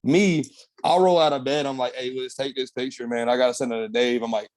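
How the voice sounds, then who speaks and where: Young dude guest on a podcast, swears a lot, says bro every other line, dead dry mic. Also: male voice, mid-range voice, a little fast, dry recording. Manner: animated storytelling, slangy, swears, says "bro" and "man" a lot. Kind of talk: casual storytelling interview.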